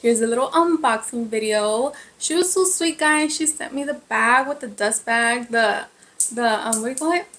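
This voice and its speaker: A woman vlogger chatting casually to her viewers, excitable and constantly saying "guys". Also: high voice, moderate pace. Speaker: craft vlogger. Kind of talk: casual chat to camera.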